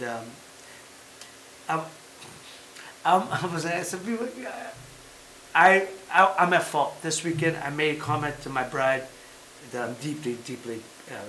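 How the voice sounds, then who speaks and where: A man's voice: mid-range voice, slight background noise. Emphatic man in an echoey room. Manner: animated, emphatic, repeats himself; talks about having been a fighter. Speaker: podcast host. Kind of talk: casual chat.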